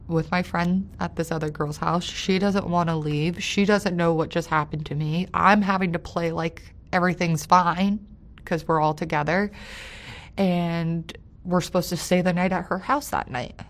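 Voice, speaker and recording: Low, gravelly-voiced woman, halting. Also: fairly even intonation. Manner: halting, hesitant, many fillers and restarts; voice drops quiet on painful parts and rises with anger. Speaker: interview guest. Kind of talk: recounting a personal story.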